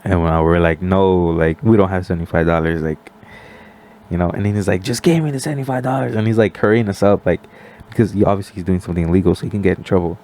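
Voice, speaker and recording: A young man with a lowish voice tells a story on a casual podcast. He talks loosely, fills gaps with "like", and acts out the other people's lines as he goes. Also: quick pace. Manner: animated storyteller, acts out quoted voices, many "like" fillers. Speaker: podcast guest.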